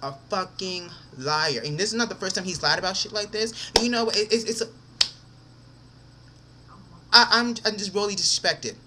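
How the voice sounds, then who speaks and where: A man's voice: high voice, fairly quick, pauses often, very noisy. A young man vlogging an angry, profane rant, repeating himself as he vents.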